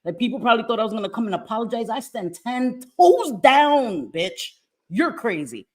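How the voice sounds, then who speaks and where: A woman hosting a livestream in casual chat, brash, profane and animated. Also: a little high, normal speed. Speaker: livestream host. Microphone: streaming mic.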